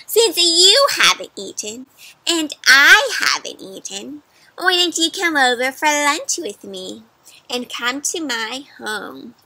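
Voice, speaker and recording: A woman's voice: sits high, sharp tone, no room sound, exaggerated voice. A woman reading aloud and voicing a hungry, bossy female witch who screeches and hurls insults.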